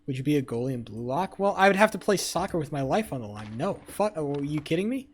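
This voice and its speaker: A young man live-streaming, loudly trash-talking and swearing as he banters with his chat. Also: on the high side, big pitch swings, quick pace, slightly rough. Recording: faint music behind the voice.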